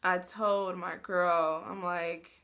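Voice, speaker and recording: A woman in her twenties telling a story to the camera in a blunt, animated, slangy way. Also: fairly low pitch, takes it slowly, smooth. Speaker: vlogger. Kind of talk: casual storytelling.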